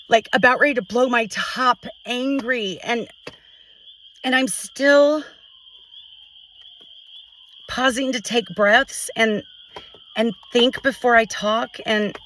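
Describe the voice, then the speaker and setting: A middle-aged woman venting to a phone camera at home, frustrated and halting, restarting her sentences often. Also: on the high side, a bit bright, recorded from a distance, rough recording. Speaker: vlogger. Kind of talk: emotional personal vent to camera.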